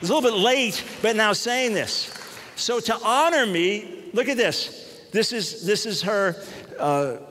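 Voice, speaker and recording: A man, a Christian radio host, telling a story in an animated public talk, often restarting his phrases. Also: high-pitched, unhurried, in a large hall, slight background noise.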